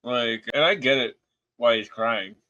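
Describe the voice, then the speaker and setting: A man's voice: medium pitch, measured pace, pushed and bright, no room sound. A man co-hosting a wrestling podcast in casual chat, loose and rambling, with frequent stammers. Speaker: podcast co-host. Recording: dull lo-fi mic.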